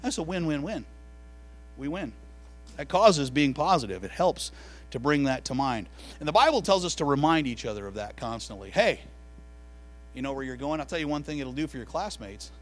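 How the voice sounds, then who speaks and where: A man preaching a sermon to a room of listeners, telling stories in an animated way that builds to loud, excited peaks. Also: fairly high pitch, moderate pace, faint music behind, rough recording. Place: room with an audience.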